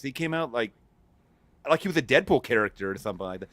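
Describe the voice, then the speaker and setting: Male guest, casual movie talk, stammers and restarts, middle pitch, dry close sound. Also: sing-song, fast talker, a bit bright, no echo. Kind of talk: casual movie review chat. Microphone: remote streaming mic.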